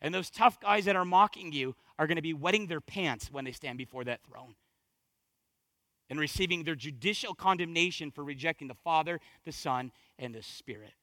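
A male pastor preaches at a moderate pace, moving from hushed, low passages into fervent, building exhortation and repeating phrases for emphasis. The recording is dry.

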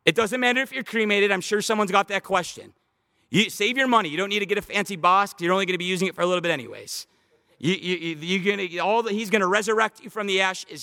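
Man, pastor, sermon, high voice, animated, emphatic scripture reading. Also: gravelly, big-room sound. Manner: animated preaching with slowed emphatic scripture quotes.

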